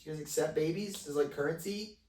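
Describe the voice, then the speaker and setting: A young man co-hosting a podcast, chatting casually with quick, laid-back reactions and jokes. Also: on the high side, mellow, roomy sound, distant mic, a little hiss or hum. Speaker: podcast co-host. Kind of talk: casual chat.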